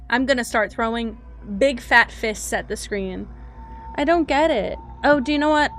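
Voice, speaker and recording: Exasperated woman streamer, slightly high voice. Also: animated, unhurried, fairly bright tone, soft background music. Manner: exasperated, swearing, laughing at herself. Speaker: game streamer. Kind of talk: casual live-stream chat.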